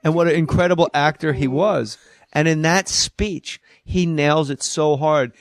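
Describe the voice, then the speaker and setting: A man chatting on a podcast, telling animated stories and dropping his voice as he recalls anecdotes. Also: measured pace, dry recording. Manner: animated storyteller with sudden pitch drops. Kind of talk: casual podcast chat, storytelling.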